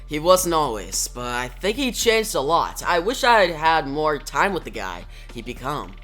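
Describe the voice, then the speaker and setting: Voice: mid-range voice, big pitch swings, moderate pace, a bit bright, faint music behind. A reviewer reading an earnest young masked hero. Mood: determined. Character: young, serious male hero in a dark costume.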